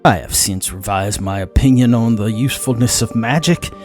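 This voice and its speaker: A man voicing a haughty fae woman who speaks in a formal, cutting, measured way. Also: lowish voice, darkish tone, faint music behind, lightly acted. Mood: cool, cutting.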